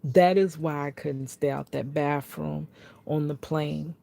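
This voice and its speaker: Slow, gravelly woman vlogger. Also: low-pitched. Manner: animated, acts out quotes, talks straight to viewers. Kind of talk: personal testimony storytelling.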